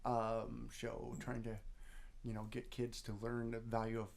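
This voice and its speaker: A man's voice: mid-range voice, monotone, unhurried, creaky, darkish tone. A man co-hosting a web show about clowns, chatting casually with dry, wry, self-mocking humor. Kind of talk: casual banter.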